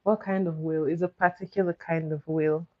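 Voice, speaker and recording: Talking a little fast in a low, steady voice, a woman hosts trivia on her live stream in a relaxed way. She coaxes her audience and repeats each question she reads to chat, all on dull lo-fi audio.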